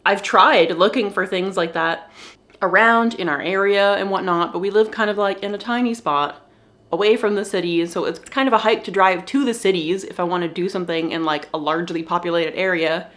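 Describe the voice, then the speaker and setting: In a candid personal vlog, a young woman opens up about her loneliness with a medium-pitched voice. She talks in a soft, halting way, slightly tearful, and breaks into nervous laughter.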